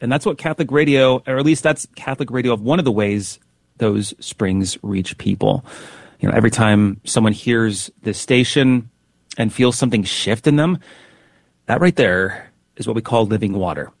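A man hosting a radio fundraising appeal, speaking briskly and repeating the call-in details. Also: fairly low pitch, creaky, no echo. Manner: brisk, repeats phone numbers. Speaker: radio host.

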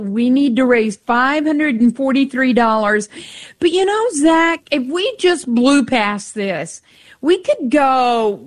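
A woman co-hosting a radio fundraiser who thanks donors and reads out the call-in number slowly. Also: high-pitched.

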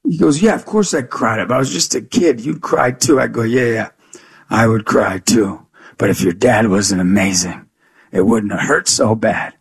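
A man with a gravelly, husky voice tells a story as an interview guest. He acts out the lines of dialogue in an animated way. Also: lowish voice, normal speed. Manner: animated storyteller who acts out dialogue, much "you know" and "I go". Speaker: guest, youth speaker.

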